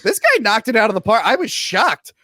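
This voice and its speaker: A podcast host talks through a film in a casual, joking way, acting out what he thought in the theater. His voice sits high and swoops all over. The sound is dry and close. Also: a little fast, no echo. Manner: animated, jokey, acts out his own reactions. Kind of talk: casual movie review chat.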